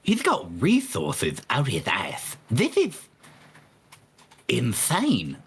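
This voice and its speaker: A man voicing a sly male rogue with a lisp and a raspy voice, drawling in-character remarks at a tabletop game. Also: mid-range voice, huge pitch swings, extremely slow, full character voice. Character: gruff lisping male rogue, sly and scheming. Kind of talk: in-character roleplay.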